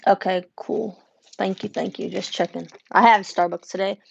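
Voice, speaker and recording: A woman's voice: medium pitch, fairly even intonation, moderate pace, gravelly, breathy edge, dull audio. A young woman livestreaming from her home craft room, chatting casually with viewers and greeting them by name as she works. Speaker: embroidery business owner livestreaming. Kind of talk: casual livestream chat while working. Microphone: wireless earbuds.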